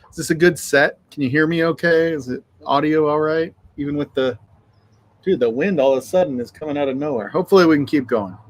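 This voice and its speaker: A man hosting a casual livestream chat outdoors in the wind, laid-back, swearing freely and greeting viewers by name. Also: a little high. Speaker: livestream host. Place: outdoors on a windy afternoon.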